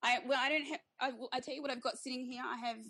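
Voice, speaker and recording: Woman, Australian accent, guest author, casual interview, bright tone, gravelly edge, chatty. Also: high voice, steady tone, very fast. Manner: chatty, laughs easily, frequent restarts.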